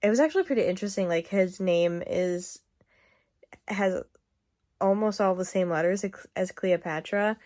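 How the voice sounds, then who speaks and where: A woman's voice: mid-range voice, moderate pace, darkish tone. A young woman talking casually at home about a book she is reading, chatty and exasperated, breaking into laughs. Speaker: book vlogger. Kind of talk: casual reading-update vlog.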